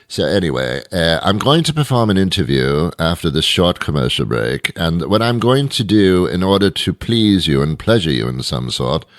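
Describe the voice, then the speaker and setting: A British man hosting a radio talk show, talking in an animated, mock-indignant, rambling way. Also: sits low, dry recording, clean studio sound. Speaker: radio host. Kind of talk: comic talk radio monologue.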